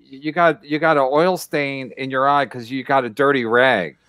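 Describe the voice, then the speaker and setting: A man's voice: mid-range voice, steady tone, normal speed, a bit bright, clean tone, no echo. Skeptical needling male co-host. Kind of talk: casual podcast chat.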